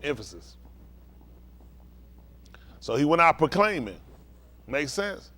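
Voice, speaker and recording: Slow and sharp-toned, this high-leaning male voice is very animated. As a pastor, he teaches the Bible through call-and-response, often pausing to ask if the listeners understand.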